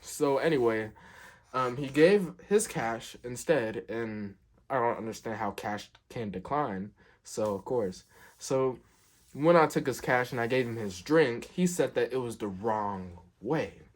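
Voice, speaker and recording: Young man, casual storytime, rambling, lots of fillers, mid-pitched voice. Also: lively intonation, measured pace. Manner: rambling, filler-heavy, keeps saying "like". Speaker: vlogger telling a work story.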